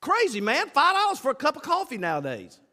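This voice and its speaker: A male pastor with a drawl preaches in a folksy, lively style, his fairly high voice leaping up and down in pitch. The sound carries a long church reverb. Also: fairly quick. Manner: folksy, animated preaching with acted-out asides. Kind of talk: sermon. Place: church sanctuary.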